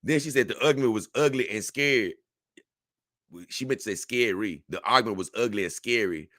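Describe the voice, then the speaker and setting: A young man hosting a casual livestream, reading a text aloud and reacting to it in an animated, conversational way. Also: fairly low pitch, a little fast, dry recording, studio quality. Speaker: livestream host.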